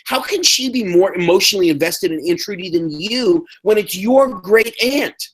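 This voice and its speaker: A podcast co-host in casual chat, sarcastic, whose pitch jumps high when mocking a character and who often chimes in with quick agreement. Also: expressive, low-quality recording. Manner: agreeing interjections.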